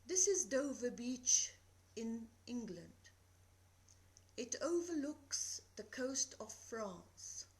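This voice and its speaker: A woman giving a recorded literature lecture, reading verse slowly and deliberately and explaining it. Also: on the high side, big pitch swings, a little mellow, poor audio.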